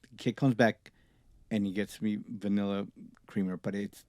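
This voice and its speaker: Guy with kinda low voice telling wild studio stories, lots of swearing, dry close mic. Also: moderate pace, no echo. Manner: profane, animated anecdotes with laughs. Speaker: guest, recording engineer. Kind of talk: casual storytelling.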